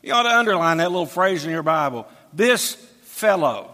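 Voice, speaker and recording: A man's voice: a little high, animated, fast, sharp tone. A man preaching an expository sermon, reading scripture aloud and explaining it verse by verse. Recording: long hall reverb.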